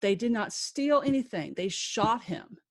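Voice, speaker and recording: Woman guest telling a painful personal story: slow, halting, emotional, faith-filled. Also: on the high side, animated. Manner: emotional, halting, with frequent restarts. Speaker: podcast guest.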